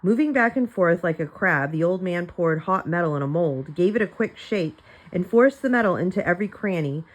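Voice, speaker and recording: A woman's voice: fairly low pitch, expressive, normal speed, hardly any pauses, poor audio. Woman reading a children's novel aloud. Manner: plain storytelling with light character voices and small slips. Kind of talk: reading a chapter book aloud for students.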